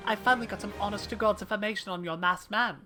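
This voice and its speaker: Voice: mid-range voice, quick pace, over music, natural voice. A streamer voicing a struggling, wheedling small merchant while reading game dialogue aloud on stream. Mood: eager. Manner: theatrical read of game dialogue.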